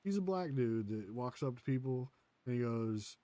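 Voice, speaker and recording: A man streaming from his home computer talks in a mellow, dark-toned voice through a headset, rambling and cursing as he plays. The sound is dry and close, with no room around it. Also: medium pitch, lively intonation, normal speed, no room sound. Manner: rambling, profane, swears freely. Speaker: gaming streamer. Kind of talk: casual chat while playing a game.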